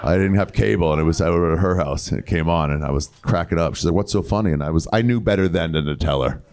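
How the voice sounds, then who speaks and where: A man's voice: very deep voice, fast talker, background noise. A man doing improvised stand-up crowd work in a big comedy club, telling loose, wry stories with crude punchlines. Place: large comedy club main room. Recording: live club with crowd laughter. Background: audience laughter.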